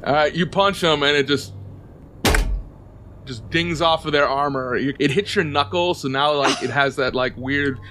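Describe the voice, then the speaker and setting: A man's voice: fairly high pitch, normal speed, background noise. A man running a tabletop game as game master, narrating loosely and often repeating his words.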